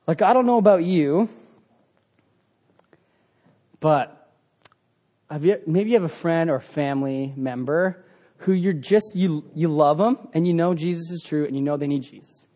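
Animated high-voiced man preaching a sermon. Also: moderate pace. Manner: animated storytelling with sound effects; swings between loud bursts and hushed tones.

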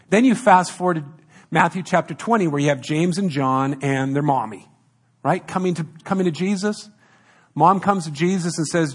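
A man delivering a sermon, leaning hard on repeated phrases and dropping into the voices of the people in the story he retells. His voice sits a little higher than most men's. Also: moderate pace. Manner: emphatic, repeats key phrases, acts out quoted dialogue. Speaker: pastor.

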